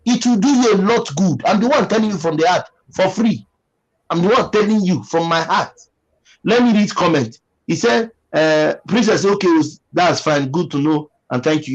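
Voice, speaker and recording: On his livestream, a Nigerian English-accented host reads viewer comments in a slightly high voice, driving his points home with preachy emphasis and frequent repetition. The audio is dull.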